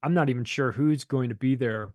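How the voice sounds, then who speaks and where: A man guesting on a podcast rambles through a long, swear-filled anecdote in casual conversation, slipping into the voices of the people he quotes. His mid-range voice is brisk with a darkish tone, and it sounds dry and close, with no echo or room sound.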